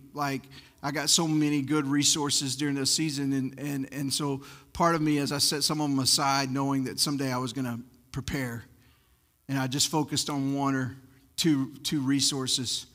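A man preaching a sermon to his church as pastor, impassioned and building up to near-shouts. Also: mid-range voice, big-room sound.

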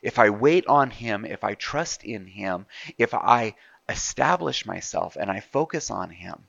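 A man's voice: lowish voice, lively intonation, measured pace, creaky, fairly bright tone, no room sound, muffled recording. A man preaching a sermon in a conversational way, asking his listeners rhetorical questions. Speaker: pastor.

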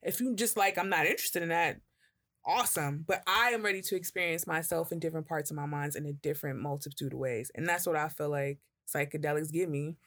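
A woman's voice: low voice, quick pace, hardly any pauses. A woman co-hosting a podcast, telling stories in casual chat, swearing, laughing and acting out the voices of people she quotes. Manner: animated storyteller, acts out quoted voices, laughs and swears freely. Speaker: podcast co-host.

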